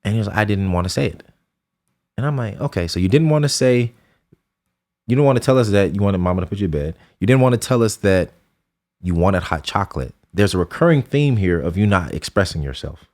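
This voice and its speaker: A man's voice: fairly low pitch, animated, fast, a little mellow. A young adult man co-hosting a podcast, telling an earnest, reflective story about his son in casual conversation. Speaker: podcast co-host, father.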